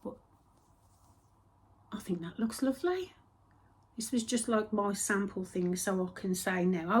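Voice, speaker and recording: A woman hosting a crafting podcast, chatting casually and rambling, with soft whispered asides. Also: mid-range voice, unhurried, pauses often, slightly rough. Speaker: host of a knitting and spinning podcast. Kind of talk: casual chat.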